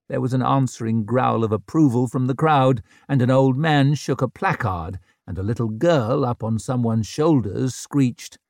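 A man's voice: mid-range voice, a little mellow, no echo. A man narrating an audiobook in a dry, wry manner.

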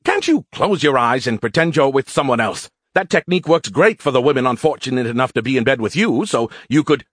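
A male narrator voicing a smug, sarcastic male AI that lives in a beer can, teasing in a high, excitable voice. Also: brisk, hardly any pauses, husky, no room sound, clean studio sound. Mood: mocking.

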